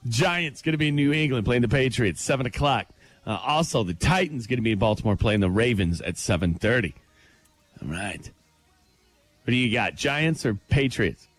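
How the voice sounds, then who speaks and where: A man hosting a morning show sports segment, excitable and quick to joke. His pitch swings around a lot as he talks. The mic sounds dry and close. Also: no room sound, soft background music. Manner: excitable, animated, reads sports news. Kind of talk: casual radio banter.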